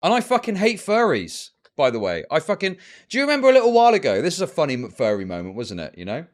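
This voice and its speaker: A man's voice: a little high, wildly swooping pitch, quick pace. A man streaming live commentary, ranting at his chat in heated, profane bursts. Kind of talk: livestream commentary.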